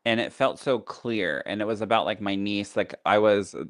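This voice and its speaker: A man's voice: on the low side, moderate pace, dry recording, clean studio sound. A man who teaches as a psychic medium, talking casually on a podcast in a chatty teaching tone full of fillers.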